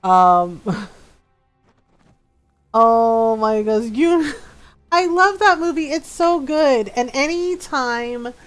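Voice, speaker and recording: A woman's voice: on the high side, expressive, extremely slow, long pauses, faint music behind. Bubbly, chatty woman streamer. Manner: bubbly, chatty, laughs often. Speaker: game streamer. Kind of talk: casual gameplay chat.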